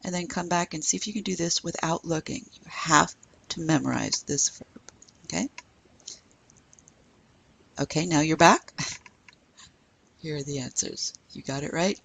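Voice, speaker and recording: A woman's voice: deep voice, measured pace, creaky, pauses often, fairly bright tone, breathy edge. A woman teaching a recorded language lesson, carefully modeling pronunciation for learners to repeat. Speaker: French teacher.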